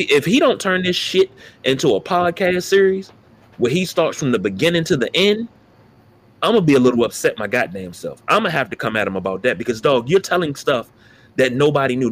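A man's voice: on the high side, husky. A man co-hosting a casual sports talk podcast, emphatic and profane as he rants about players. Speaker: podcast co-host.

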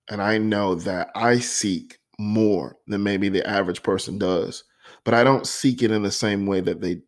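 A young man reading his own poem aloud and then talking about it in an earnest, heartfelt way. He pauses often with ums and becomes openly emotional. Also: lowish voice. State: emotional, voice catching. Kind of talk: personal poetry reading with reflective talk.

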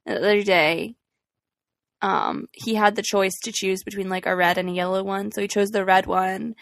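A woman's voice: medium pitch, fairly even intonation, moderate pace, vocal fry, a bit bright, dry recording, clean studio sound. A young woman co-hosting a podcast, chatting casually with lots of laughs and fillers. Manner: giggly, chatty, many fillers. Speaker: podcast co-host. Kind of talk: casual chat.

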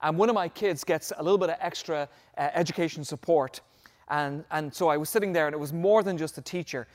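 A middle-aged man preaching a sermon, telling a personal story earnestly, swelling louder on key phrases and dropping almost to a whisper. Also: on the high side, brisk. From Ireland. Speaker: pastor.

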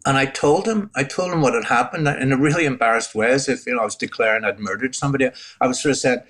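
A man's voice: mid-range voice, quick pace, few pauses, fairly bright tone. An older man with a Northern Irish accent, telling his personal testimony in an earnest, reflective way as an interview guest. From Northern Ireland. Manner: earnest, reflective storytelling with frequent restarts.

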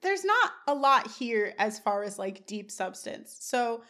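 A woman's voice: a little high, very animated, a little slow, sharp tone. Woman, podcast co-host, casual scene-by-scene recap, laughs a lot, reads out lines. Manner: laughs often, reads out dialogue while recapping.

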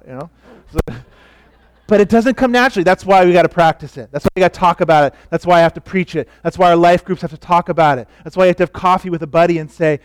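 A pastor preaches a sermon in a relaxed, conversational way. His voice sits fairly high for a middle-aged man. The sound is close and dry, with almost no room echo. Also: fast, clean tone.

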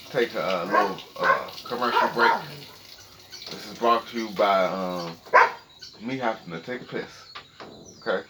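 On his own podcast, a man with a lowish voice rants casually and profanely from home while a noisy background plays behind him. He's animated and keeps checking in with listeners, asking "okay?".

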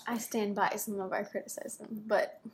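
A woman's voice: medium pitch, flat delivery, normal speed. A woman co-hosting a podcast, chatting with enthusiasm and frequent laughter. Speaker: podcast co-host. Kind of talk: casual chat.

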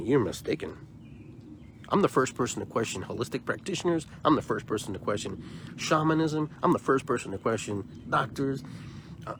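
A man's voice: mid-range voice, sing-song, brisk, fairly bright tone, slight background noise. A man hosting a podcast, delivering an emphatic, opinionated monologue and often repeating words as he builds his point. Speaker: podcast host.

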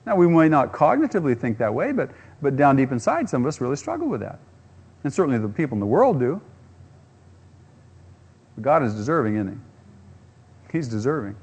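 A man's voice: medium pitch, big pitch swings, a little fast, long pauses, a little mellow, breathy edge. A man preaching a sermon, using rhetorical questions and acting out quotes. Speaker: pastor.

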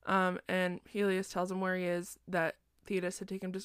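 A woman's voice: on the low side, monotone, normal speed, clear, resonant tone, no echo, studio quality. A sleepy young woman recapping a book in a chatty, self-deprecating, digressive way, recorded at home at night. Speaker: podcast host.

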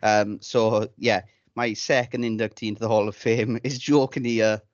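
A man's voice: lowish voice, flat delivery, normal speed, no echo. Male podcast co-host, casual banter, swears freely; dry, slightly muffled audio. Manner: chatty, swears freely, tells anecdotes with relish.

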